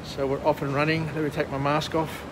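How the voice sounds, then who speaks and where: A man's voice: a little high, level tone, fairly quick, noisy background. Chatty Australian man walking outdoors. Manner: chatty, rambling with fillers and restarts. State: muffled by a face mask. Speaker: vlog host. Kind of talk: walk-and-talk book summary vlog. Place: outdoors by an urban harbour, walking.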